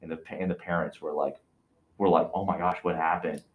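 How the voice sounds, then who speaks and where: A man with a very low voice tells a ghost story in a loose, excitable chat, tripping over his words as he builds it up. The room echoes noticeably around him. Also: fairly quick, narrow, tinny audio. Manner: animated, excitable, lots of fillers and restarts. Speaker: podcast co-host telling a ghost story. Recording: roomy echo.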